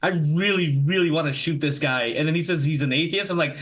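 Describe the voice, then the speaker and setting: A man at a tabletop game who jokes around eagerly. His voice sits fairly high. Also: quick pace, a bit bright. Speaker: player. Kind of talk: casual game chat.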